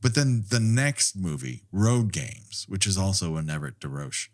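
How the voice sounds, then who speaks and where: Low-voiced man, lively and rambling. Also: normal speed. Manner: laughs often, swears freely, rambling asides. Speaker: podcast co-host. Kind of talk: casual film discussion.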